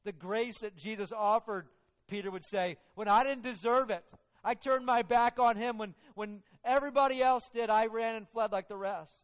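A man's voice: on the high side, a little slow, natural voice. A man voicing a remorseful, devoted apostle who speaks earnestly and with rising emotion, in a sermon role-play with long hall reverb. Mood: remorseful, fervent.

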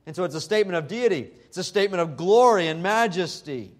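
Male pastor with a high voice, emphatic pulpit delivery, deliberate when reading verses. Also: expressive. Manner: emphatic, slows down when quoting scripture. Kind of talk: expository sermon.

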